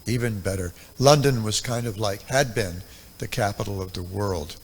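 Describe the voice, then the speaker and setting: Low gravelly older man reminiscing. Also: slight background noise. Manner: reflective storytelling, unhurried, many ums and uhs. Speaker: temple speaker. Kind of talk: reminiscing devotional lecture.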